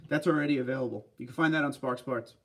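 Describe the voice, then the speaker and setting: A relaxed man hosts a casual livestream, chatting easily and answering viewers one after another. His voice sits at an ordinary middle pitch. He sounds a little distant from the microphone. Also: quick pace. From Pennsylvania. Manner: relaxed, chatty, reads viewer comments aloud. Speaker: livestream host reading chat. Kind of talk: casual live chat.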